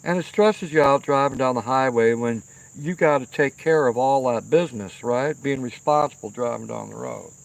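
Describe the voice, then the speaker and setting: Speaking at a moderate pace with hardly any pauses, this man has a creaky, medium-pitched voice. The middle-aged livestream host casually tells a rambling, profane story outdoors by a night fire pit, checking in repeatedly with "okay?"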